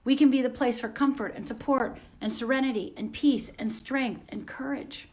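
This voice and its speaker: Her voice is high with a darkish tone at normal speed as this woman runs a motivational live stream on her phone from home. Earnest and supportive, she tends to say phrases over again.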